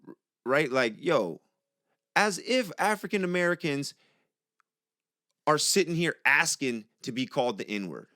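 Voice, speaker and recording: A man's voice: fairly high pitch, big pitch swings, unhurried, pauses often, pushed and bright, no room sound. Young male podcast host, angry and profane, casual delivery, dry close sound. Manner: profane, heated, conversational. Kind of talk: casual monologue.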